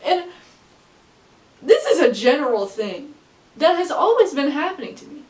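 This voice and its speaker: A woman's voice: sits high, very animated, normal speed. A young woman in her late teens telling a story casually to camera, rambling with lots of fillers and laughing often. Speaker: vlogger. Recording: echoey room, distant from mic.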